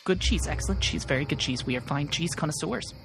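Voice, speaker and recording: A man's voice: a little high, gravelly, music in the background, rough recording. A man voicing a group of tiny frightened field mice in a tabletop game, babbling over and over. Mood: eager. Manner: rapid, repetitive babbling.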